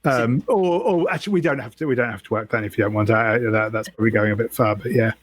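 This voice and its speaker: A man playing a tabletop game, talking quickly and hedging his ideas. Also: medium pitch, no room sound. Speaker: player.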